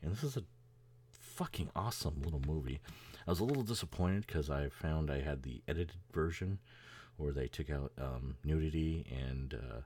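Very deep-voiced rambling male podcaster. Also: normal speed, a little mellow. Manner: rambling, profane, chuckling. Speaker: podcast host. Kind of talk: casual chat.

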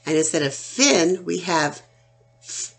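A woman teacher leads a children's phonics lesson in a lowish, gravelly voice with lots of vocal fry. She speaks very slowly and sounds out each letter carefully. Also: expressive. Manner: slow, deliberate, sounding out letters one by one.

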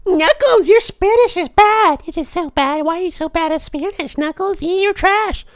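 A man's voice: extremely high pitch, moderate pace, no room sound, studio quality, voice pushed up. A man voicing a whiny heckler from his stream chat who mocks him. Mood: mocking. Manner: nagging, mocking.

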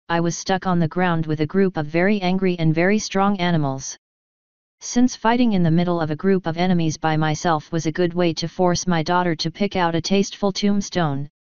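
Woman, story reader, steady first-person narration, dry close sound, slightly dull recording. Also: fairly low pitch, clean tone, dry recording. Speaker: fanfiction reader. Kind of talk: reading a story aloud.

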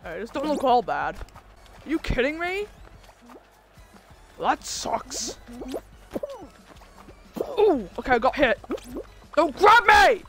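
A woman's voice: high voice, big pitch swings, faint music behind, full character voice. Woman voicing a hot-tempered cartoon sore loser. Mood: furious. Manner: yelling, quick to rage at losing. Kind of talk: fan voice role-play over gameplay.

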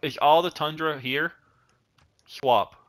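A man's voice: a little high, slow, a bit bright. A young man giving rambling, casual commentary while he plays a strategy game, chatting at his units. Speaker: gaming channel host.

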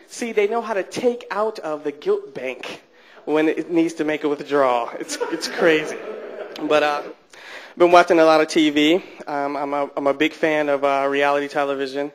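A man's voice: on the high side, steady tone, normal speed. A man in his late twenties from Detroit with a Michigan accent, doing a chatty, self-deprecating stand-up set at a comedy club. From Detroit, USA. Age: late 20s.

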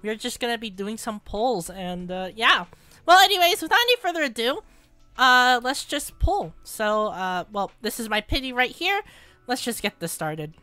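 High bright-voiced excitable woman gamer. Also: moderate pace, clear, resonant tone, no echo, soft background music. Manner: excitable, breaks into shrieking repeated exclamations. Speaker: gaming channel host. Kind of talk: casual gacha pull commentary.

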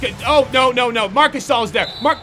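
A young man doing live commentary on a basketball video game, muttering to himself one moment and shouting curses the next. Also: extremely high pitch, normal speed, soft background music. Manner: swings from muttered self-coaching to shouted profane outbursts. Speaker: gaming YouTuber.

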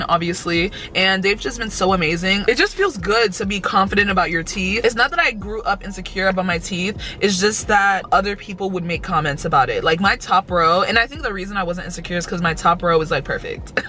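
A young woman, chatting excitedly in a casual vlog and laughing often. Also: mid-range voice, a little hiss or hum. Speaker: vlogger.

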